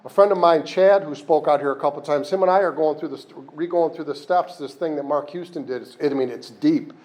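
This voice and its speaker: A man's voice: fairly high pitch, a little fast, a little mellow. A man speaking at a recovery meeting, candid and self-deprecating, rambling with frequent restarts, in a meeting room.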